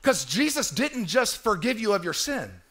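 A man's voice: high voice, very animated, moderate pace, fairly bright tone. A man preaching a sermon as pastor in a church, emphatic and repetitive, calling on the congregation to answer him.

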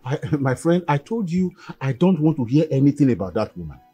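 A man's voice: fairly high pitch, very animated, brisk, warm tone, slightly rough, soft background music. An actor playing a concerned father giving emphatic advice. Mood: advising. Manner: advising, emphatic. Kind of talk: Nollywood film acting.

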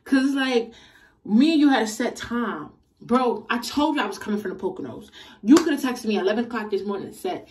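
A young woman vlogger telling a casual storytime in an animated, slangy, exasperated way. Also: fairly high pitch, a little fast, recorded from a distance.

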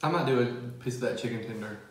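A man's voice: mid-range voice, racing. A man with a Southern US accent, leading an eating show in an upbeat, casual way. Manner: upbeat, leads the segments. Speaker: mukbang co-host. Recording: very echoey room, faint noise.

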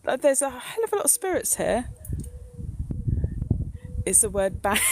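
This paranormal live streamer has a high voice with big pitch swings and speaks slowly against a noisy background. Walking outdoors on a ghost walk, she broadcasts from her phone, chatting, joking with viewers, and laughing a lot.

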